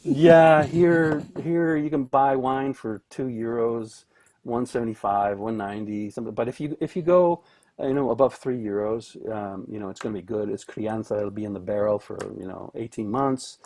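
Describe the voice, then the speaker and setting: A man's voice: mid-range voice, moderate pace, a little mellow. A middle-aged man from Canada, a guest cellist, chatting casually over a video call, rambling with many restarts and fillers.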